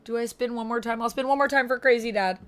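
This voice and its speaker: A woman's voice: a little high, fairly even intonation, quick pace, fairly bright tone. A woman streamer in casual livestream chat, reading and thanking her chat viewers as she talks.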